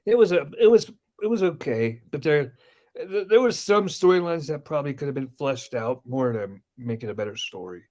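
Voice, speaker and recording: Man, animated co-host, slightly high, lively swinging voice, playful chatter. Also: moderate pace. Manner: animated, playful, stumbling restarts. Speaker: podcast co-host. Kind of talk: casual review chat.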